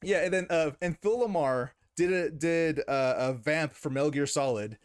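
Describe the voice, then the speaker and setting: Halting, fairly high-voiced podcast man. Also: smooth. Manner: halting, stumbles over words with many uhs. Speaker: podcast co-host. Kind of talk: casual chat.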